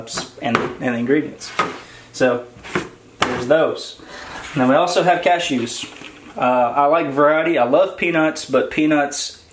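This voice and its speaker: Rambling man in a roomy echo. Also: mid-range voice. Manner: rambling, filler-heavy, relaxed. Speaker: vlog co-host. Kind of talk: casual grocery haul chat. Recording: roomy echo, faint noise.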